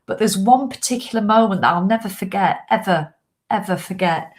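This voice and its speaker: A woman's voice: mid-range voice, a little fast. A middle-aged woman, a fitness coach, talking straight to her followers in a casual live video with blunt, impassioned swearing.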